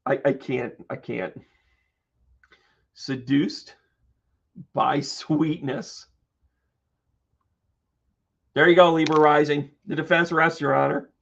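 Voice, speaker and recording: Lively man reading tarot, lo-fi stream. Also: on the high side, slow pace, vocal fry, long pauses. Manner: exclamatory, joking, swears freely, greets viewers by name. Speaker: tarot reader and medium.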